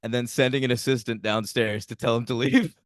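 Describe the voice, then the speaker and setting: A man co-hosting a podcast in casual chat, relaxed and fond of telling anecdotes. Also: medium pitch, a little fast. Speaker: podcast co-host.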